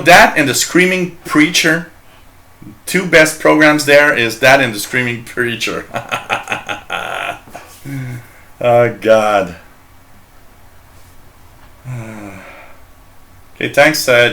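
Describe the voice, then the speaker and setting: A man from Canada hosts a live shortwave radio chat, rambling along at an unhurried pace. His voice is bright and forward, and he jokes and laughs often while reading messages from listeners. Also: mid-range voice, fairly even intonation. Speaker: radio show host.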